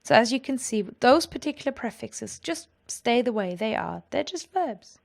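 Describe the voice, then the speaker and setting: A woman teaching a grammar lesson in a clear, patient, explanatory way. Her voice sits a little high. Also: sing-song, moderate pace. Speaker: language teacher.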